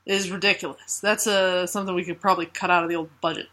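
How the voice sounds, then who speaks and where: A woman's voice: fairly low pitch, little pitch movement, fast, pushed and bright. A woman co-hosting a casual comic-book podcast, joking, laughing and swearing freely. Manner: laughing, profane, jokey. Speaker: podcast co-host.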